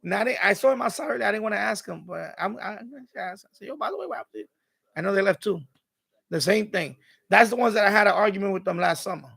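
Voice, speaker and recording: Man, high voice, gravelly, husky, animated storyteller, laughs a lot. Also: racing, hardly any pauses. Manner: animated, laughs often, gossipy. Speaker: live stream host. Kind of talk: casual storytelling.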